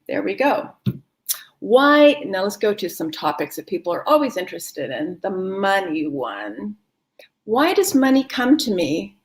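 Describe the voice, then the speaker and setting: Encouraging woman leading a wellness class. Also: medium pitch. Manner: warm, encouraging, laughs often. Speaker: wellness teacher. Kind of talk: live-streamed wellness class. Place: home, no kids in the house.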